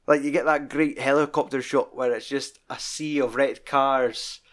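A man's voice: medium pitch, steady tone, normal speed, fairly bright tone. A man co-hosting a casual film review chat, rambling and swearing heavily. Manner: rambling, heavy swearing, laughs while recalling scenes. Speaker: podcast co-host.

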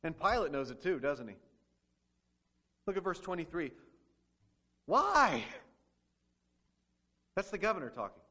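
Animated high-voiced male preacher. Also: brisk, long pauses. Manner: rhetorical questions, acts out quoted speech. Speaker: pastor. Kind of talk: sermon.

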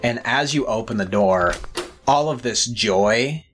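A woman narrating as game master in a tabletop game, in a relaxed, drawn-out way. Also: extremely low pitch. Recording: faint music behind.

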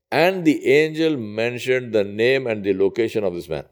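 A man preaching in a conversational storytelling way, retelling an old tale with lively quoted dialogue. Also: normal speed, few pauses. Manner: conversational, rising high when quoting characters. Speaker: Islamic preacher. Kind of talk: storytelling sermon.

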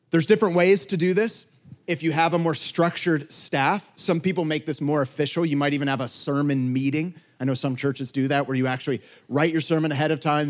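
A man in his forties, a pastor, giving a conversational talk to other pastors with lively storytelling asides. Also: on the high side.

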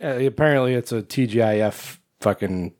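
A man co-hosting a podcast, chatting casually about a film, blunt and quick to swear, often trailing off and restarting. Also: mid-range voice, a little mellow. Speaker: podcast co-host. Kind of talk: casual movie review chat.

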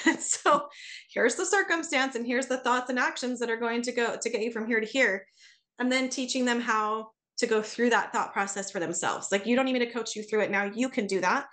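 A middle-aged woman, a parenting coach, chatting on a podcast and telling stories with lively acted-out dialogue. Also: a little high. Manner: animated storyteller, acts out dialogue. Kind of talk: casual podcast conversation.

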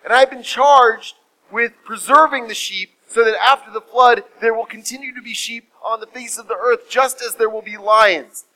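A man putting on a patient, earnest Noah who keeps coaxing and pleading, his voice pitched higher and brighter than usual. He pushes each plea with a lift in the voice. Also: fairly even intonation, normal speed, poor audio.

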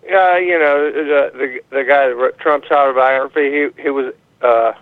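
A man's voice: medium pitch, fairly even intonation, normal speed, no room sound. A man calling in to a show, rambling and swearing with many fillers over a phone line. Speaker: caller. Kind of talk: call-in rant. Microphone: phone call.

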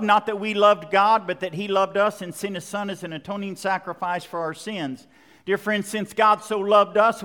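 A man's voice: high-pitched, bright, forceful tone, in a large hall. A man preaching a sermon, reading scripture aloud and then driving his points home with emphatic repetition. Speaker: pastor.

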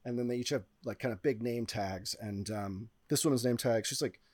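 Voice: mid-range voice, normal speed, darkish tone, dry recording. A game master narrating an improvised tabletop game in a rambling, playful way, with lots of fillers.

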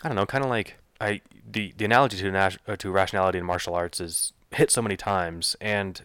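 Fast-talking low-voiced podcast co-host. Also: male voice, fairly even intonation, a bit bright, clear, resonant tone, no room sound, clean studio sound. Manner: rambling, restarts sentences, thinks aloud with analogies. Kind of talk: casual discussion.

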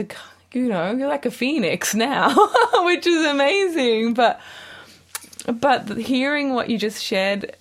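A woman's voice: fairly high pitch, animated, slow pace. A woman hosting a podcast interview, asking long, earnest, emotional questions. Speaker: podcast host. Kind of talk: conversational interview.

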